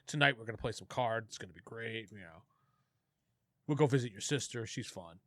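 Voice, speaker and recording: A man's voice: on the low side, expressive, brisk, a bit bright, dry recording, voice pushed down. A man voicing a tipsy, dismissive town guard in a tabletop game, speaking in a lazy, mocking drawl.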